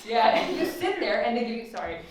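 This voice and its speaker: A woman's voice: a little high, very animated, a little fast. Young female stand-up comic, chatty and profane, laughs at her own lines; distant mic, very echoey room. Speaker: stand-up comedian. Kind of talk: stand-up comedy set. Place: student comedy open mic.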